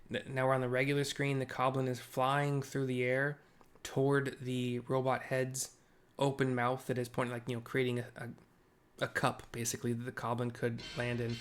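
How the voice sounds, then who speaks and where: A man casually narrating game cutscenes out loud as he plays, chatty, with fillers and self-corrections. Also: medium pitch, slight background noise. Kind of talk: casual live audio description of game cutscenes.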